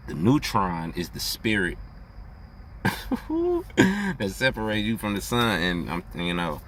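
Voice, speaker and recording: A young adult man in a casual, rambling vlog monologue, cursing freely and getting animated, laughing often. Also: lowish voice, a little hiss or hum. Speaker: astrology vlogger.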